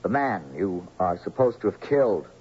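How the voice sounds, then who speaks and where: A man's voice: on the low side, lively intonation, moderate pace, lightly acted. A man playing a hesitant young man posing as a doctor. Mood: coaxing. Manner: hesitant, coaxing questions. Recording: slightly dull old radio recording with faint hiss.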